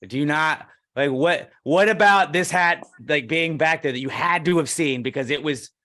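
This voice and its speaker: Podcast co-host, man, bright forceful voice, ranty storyteller who acts out every line. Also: fairly high pitch, moderate pace. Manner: ranting, acts out quoted dialogue, swears freely. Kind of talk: casual storytelling chat.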